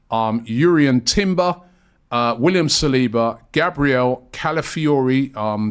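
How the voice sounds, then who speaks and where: A man hosting a casual football chat show, chatty and rambling with lots of fillers. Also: medium pitch. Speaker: show host.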